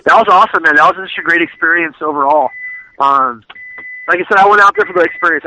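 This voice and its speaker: Fast-talking laid-back fighter, dry lo-fi sound. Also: male voice, a little high, sharp tone, dry recording. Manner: laid-back, profane, laughing anecdotes. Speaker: MMA fighter guest. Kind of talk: casual interview storytelling.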